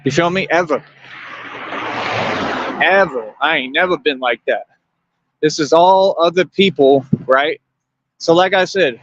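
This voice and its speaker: Man ranting at viewers, confrontational, repetitive, slightly high voice, dry, dull lo-fi sound. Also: a bit bright, dry recording. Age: adult. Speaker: livestream host. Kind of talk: livestream rant.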